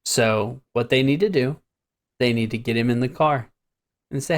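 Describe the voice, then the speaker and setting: A man's voice: mid-range voice, moderate pace. A man hosting a podcast, talking bluntly and crudely in casual chat.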